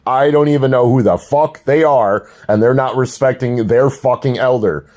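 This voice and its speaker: A man's voice: medium pitch, normal speed, darkish tone. An older man ranting crudely and mockingly to his livestream viewers, laughing at his own jokes. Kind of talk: casual livestream rant.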